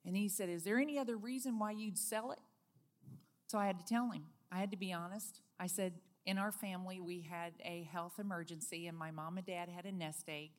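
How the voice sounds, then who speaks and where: A woman being interviewed, telling a personal faith story in a lively, earnest way. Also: fairly low pitch. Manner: lively storyteller, acts out quoted speech; earnest, heartfelt. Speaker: guest.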